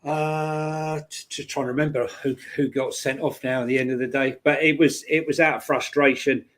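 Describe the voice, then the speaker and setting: A man's voice: medium pitch, fairly even intonation, moderate pace, a bit bright. A man co-hosting a casual live football chat stream, full of jokes and banter. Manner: joking, banter-filled. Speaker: co-host.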